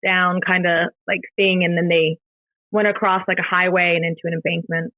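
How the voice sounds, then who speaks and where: A middle-aged woman, a podcast guest, retelling a painful personal story in a halting, emotional way, with many fillers and restarts. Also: fairly low pitch, level tone, dry recording. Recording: dry, tinny phone-like sound.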